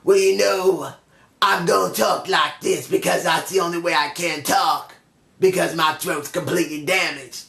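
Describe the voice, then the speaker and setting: A worn-out old drunk as a man puts him on rasps along in a flat, gravelly monotone through a damaged throat. The voice sits a little lower than the man's usual tone. It echoes around a roomy space. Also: moderate pace. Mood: drawling. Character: old male wino with a ruined throat.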